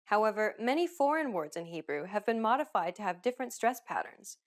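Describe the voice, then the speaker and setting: A woman hosting a pronunciation lesson, giving upbeat, clearly enunciated scripted instructions. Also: mid-range voice, expressive, a little fast. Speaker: language teacher host.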